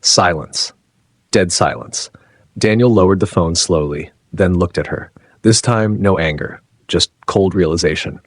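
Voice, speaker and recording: A man narrating a dramatic story in a slow, suspenseful delivery. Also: deep voice, no echo.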